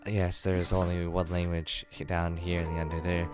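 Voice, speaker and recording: A man's voice: low-pitched, completely flat delivery, normal speed, a little mellow, soft background music. A man playing a tabletop game on a voice call, hesitant and apologetic, often stammering and restarting. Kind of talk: casual game chat with in-character asides.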